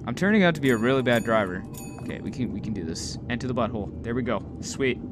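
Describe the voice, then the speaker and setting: Excitable young man swearing through gameplay. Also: medium pitch, fast talker, music in the background. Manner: excitable, swears often, talks to himself. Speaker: gaming video host. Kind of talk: live gameplay commentary.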